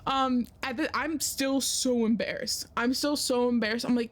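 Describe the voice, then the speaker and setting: A woman's voice: on the high side, fairly even intonation, normal speed, hardly any pauses. A young woman streaming a game, chatting casually and telling a story full of swearing. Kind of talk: casual gameplay chat and storytelling.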